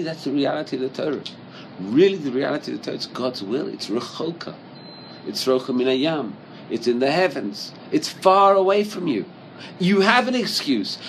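Animated man teaching a Torah class. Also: fairly high pitch, slight background noise, rough recording. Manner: animated, rhetorical questions, mixes Hebrew into English. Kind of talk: Torah class with Hebrew quotes.

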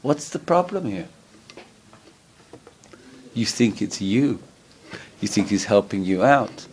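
A man's voice: lowish voice, big pitch swings, slow pace, darkish tone, slight background noise. A man teaching a Torah lesson as a rabbi, earnest, often asking his listeners questions. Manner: earnest, asks the listeners questions, acts out voices.

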